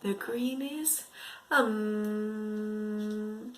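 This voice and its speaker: A woman teaching to preschool children through a story, speaking in an exaggerated, expressive way with gasps and whispered asides. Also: fairly high pitch, extremely slow. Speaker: English teacher for young children.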